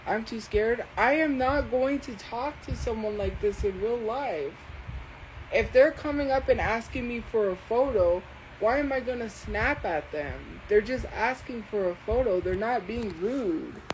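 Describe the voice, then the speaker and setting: A woman's voice: fairly high pitch, lively intonation, measured pace, darkish tone, a little hiss or hum, rough recording. A woman hosting a livestream, talking back to her chat in a defensive, exasperated rant. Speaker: livestream host. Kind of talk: casual livestream ranting.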